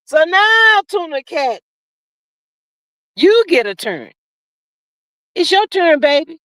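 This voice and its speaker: A woman hosting a casual livestream with a high, bright voice. She drawls and reads out comments with sassy, preachy asides. The close microphone sounds dry, with almost no room around it. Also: very animated, takes it slowly, dry recording. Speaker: livestream host.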